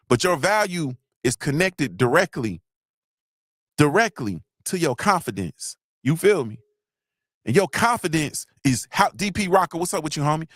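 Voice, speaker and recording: In clean studio sound with no room noise, a middle-aged man hosts a live motivational talk. He's repetitive and preachy, calls out viewers by name, and grows emotional until his voice drops low.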